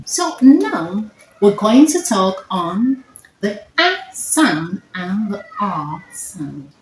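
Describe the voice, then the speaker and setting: A woman tutoring phonics one-on-one, speaking slowly and repeating herself to check that her student follows. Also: mid-range voice, big pitch swings. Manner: slow, repetitive teacher checking understanding. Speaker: phonetics tutor. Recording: echoey room with faint noise.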